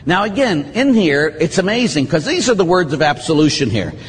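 A middle-aged male priest with a fairly high, very animated voice that swings up and down as he explains confession and acts out what penitents say. He sounds casual and direct. The sound rings with long hall reverb over faint background ambience. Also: a little fast, a little hiss or hum. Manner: lively, conversational, acts out penitents' lines. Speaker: Catholic priest. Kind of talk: teaching talk on confession.

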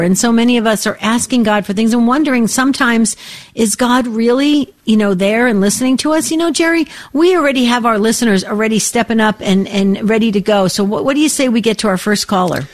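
Caring female radio co-host. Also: fairly high pitch. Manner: warm, caring, prayerful. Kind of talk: call-in radio talk.

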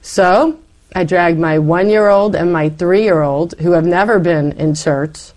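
Animated woman telling her life story. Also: fairly low pitch, measured pace. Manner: animated storyteller, acts out her past self in quotes. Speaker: interview guest. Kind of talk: personal testimony in conversation.

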